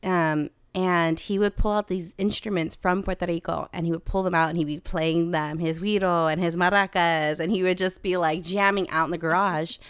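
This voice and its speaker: A young American woman, a podcast guest, telling personal stories in a candid, animated way. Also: fairly low pitch, moderate pace, few pauses, clear, resonant tone, no echo. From United States. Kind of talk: casual conversation.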